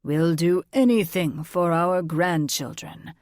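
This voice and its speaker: A protective old dragon grandfather, calm and wry, lowered into a deeper register, as a woman narrator puts him on. The pace stays slow in a dry, close recording. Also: no room sound. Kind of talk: audiobook character voice.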